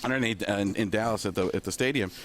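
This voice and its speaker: A male comedian telling an animated story as a guest on a talk radio show. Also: on the low side, fast talker, a little hiss or hum. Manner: animated, jumps into character voices. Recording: radio studio with faint room ambience.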